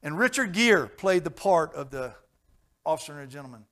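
A man delivers a sermon in a somewhat high voice, moving between hushed, intimate passages and loud, fervent ones. He tells stories in a folksy way and slips in jokes and chuckles along the way. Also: sing-song, brisk. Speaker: preacher.

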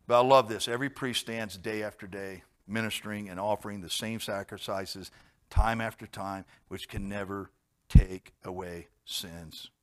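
A pastor preaching a sermon, swinging between loud, emphatic outbursts and quiet, gentle asides. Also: male voice, on the low side, steady tone, moderate pace.

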